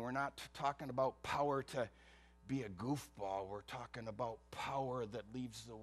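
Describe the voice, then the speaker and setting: A man preaching a sermon as pastor, emphatic, with rhetorical questions. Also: mid-range voice. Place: church.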